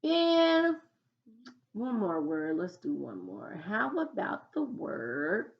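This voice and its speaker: Slow patient woman teacher, lo-fi. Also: on the low side, sing-song, creaky, a little hiss or hum. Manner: slow, patient dictation with example sentences. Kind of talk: recorded phonics lesson.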